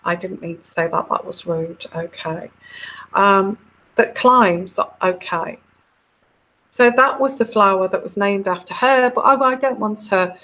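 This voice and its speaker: Woman doing a tarot live stream, slow and rambly, lots of ums, chatting back to comments. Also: lowish voice, sharp tone, rough recording. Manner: meandering, many fillers and restarts. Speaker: tarot reader and channel host.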